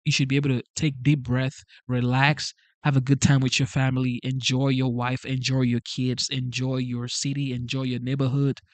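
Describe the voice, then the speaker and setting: A man's voice: medium pitch, completely flat delivery, normal speed, few pauses, dry recording. A man who came to the country as an immigrant, hosting a casual livestream, speaking in an earnest, pleading way and repeating himself. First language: not English. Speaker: channel host reading live chat.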